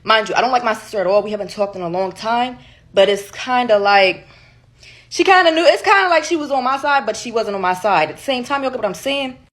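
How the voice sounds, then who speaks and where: A young woman telling a storytime in an animated way, acting out what people said. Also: fairly high pitch. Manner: animated, fast, acts out quotes.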